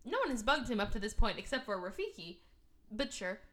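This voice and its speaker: A woman's voice: medium pitch, a little fast, fairly bright tone. A woman co-hosting a movie podcast in casual chat, sarcastic and profane. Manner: profane, sarcastic, acts out characters. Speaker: podcast co-host.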